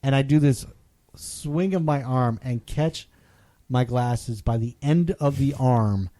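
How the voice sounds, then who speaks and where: Animated storytelling man on a podcast. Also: medium pitch, slow. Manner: animated, acts out quotes loudly. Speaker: podcast co-host. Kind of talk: casual storytelling chat.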